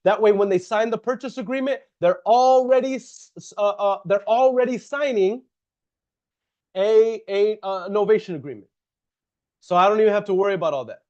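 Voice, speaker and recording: A man's voice: sits high, moderate pace, a little mellow, highs cut off. A man talking casually on a livestream and answering chat comments head-on, restarting and repeating himself often. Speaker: real estate investor and coach on a livestream. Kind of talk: livestream talk.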